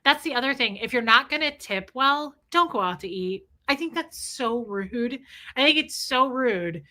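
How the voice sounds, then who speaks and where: Bright, animated woman. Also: a little high. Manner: animated, acts out people in quick quoted voices. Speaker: live streamer reading chat. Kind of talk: casual ranting chat.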